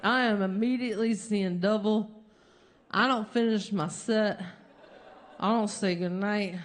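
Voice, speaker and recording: A woman telling a long comic story on stage as a stand-up comedian, animated and jumping high in pitch when she acts out quotes. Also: measured pace.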